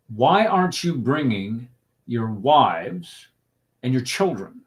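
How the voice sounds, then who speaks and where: A man in a discussion group, speaking emphatically and stacking rhetorical questions, slowing down to stress his points. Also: mid-range voice. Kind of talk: impassioned discussion talk.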